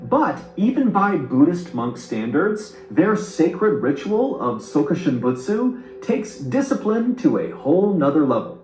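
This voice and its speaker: Man, higher voice, very animated pitch, theatrical scripted narration, roomy echo. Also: unhurried, few pauses, faint music behind. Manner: lively, theatrical delivery. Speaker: storytelling narrator. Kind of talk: scripted narration with comic ad read.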